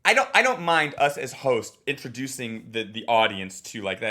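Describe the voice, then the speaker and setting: A man working as a comedy teacher, giving a blunt, animated critique of a recorded set. He swears and acts out the audience and the comedian to make his points. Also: mid-range voice, normal speed.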